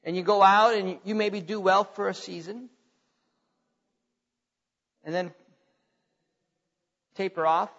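A pastor, a man, preaches a sermon in a high, bright voice. He talks to his congregation in a conversational way and grows forceful when he retells scripture. The recording is muffled and lo-fi, with a long reverb from the church hall. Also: steady tone, slow pace, pauses often.

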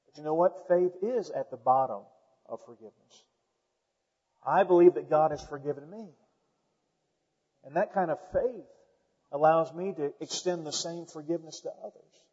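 A man preaching a sermon as pastor, emphatic and building to loud points, calling out to the congregation. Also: fairly high pitch, moderate pace, long pauses, breathy edge. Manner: calls out to the congregation. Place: church sanctuary. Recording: dull lo-fi sound with long hall reverb.

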